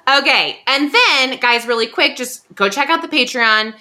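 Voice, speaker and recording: She speaks high and bright with a pushed, lively delivery at normal speed, in a Californian Valley Girl accent. As a podcast co-host, she chats and giggles through casual talk and an ad read, sprinkling "like" everywhere.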